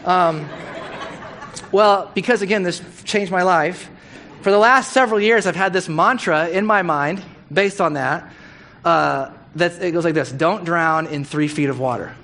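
A middle-aged man giving a sermon, telling a story in a casual, animated way and acting out the quotes. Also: high-pitched, unhurried, a little hiss or hum.

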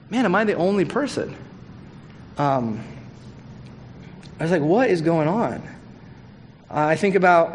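Male pastor, slightly higher voice, chatty candid sermon delivery, faint background hiss. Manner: conversational, candid, animated with asides. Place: church hall.

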